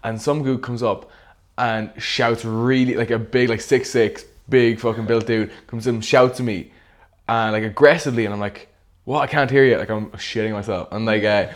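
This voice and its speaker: A man's voice: on the low side, normal speed. A young man who makes videos, chatting casually with lots of fillers. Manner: animated storyteller, filler-heavy. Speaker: video creator. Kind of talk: casual chat.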